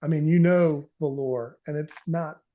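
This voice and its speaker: A man narrating as game master of a tabletop horror game, relaxed and folksy, laughing now and then. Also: fairly high pitch, measured pace.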